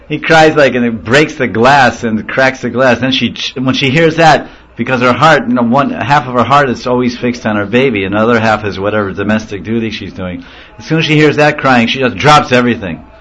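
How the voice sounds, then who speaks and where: A man's voice: medium pitch, a bit bright. A man giving an informal religious talk, telling anecdotes with laughter and acting out voices. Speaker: spiritual teacher. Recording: muffled lo-fi recording.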